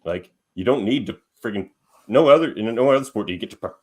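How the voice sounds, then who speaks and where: A man's voice: medium pitch, expressive, quick pace, a little mellow, breathy edge. A man arguing bluntly in a casual comedy debate podcast, peppering his talk with "like" and dismissing the other answers. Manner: blunt, dismissive, filler 'like' often.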